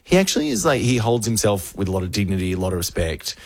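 A low-pitched man hosts a radio show, recorded dry and close in the studio. He tells his stories with animation and slips into the voices of the people in them. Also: fast talker, creaky, no echo. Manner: animated storyteller, acts out quoted voices. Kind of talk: lively radio banter and storytelling.

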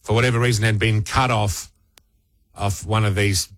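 A man's voice: lowish voice, steady tone, moderate pace, fairly bright tone, dry recording. An Australian man hosting radio, telling a rambling, self-mocking story with many restarts, on a studio mic. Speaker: radio host. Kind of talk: casual storytelling chat.

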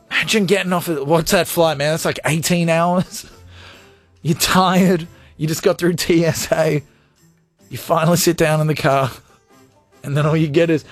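A male radio host in casual chat, reading out listener comments in a jokey, animated way. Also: on the high side, moderate pace, dry recording, soft background music. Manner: jokey, animated, laughs often.

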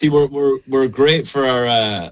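A man's voice: medium pitch, unhurried, poor audio. A young man with a midlands Irish accent, a singer chatting as an interview guest over a call, laughing often and hesitant with many fillers. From Ireland. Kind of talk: casual interview chat. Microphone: remote call.

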